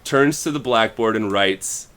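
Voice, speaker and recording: Guy on a podcast recapping a story, gets animated, does quick voices for the characters. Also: on the low side, smooth. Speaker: podcast co-host. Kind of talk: casual chat retelling a story.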